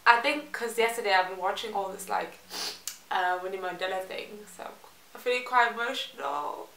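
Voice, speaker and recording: A woman's voice: mid-range voice, steady tone, normal speed, bright, forceful tone. A woman from South Africa chatting casually in a reaction vlog, rambling and laughing between phrases. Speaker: reaction vlogger. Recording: roomy echo with music faintly behind.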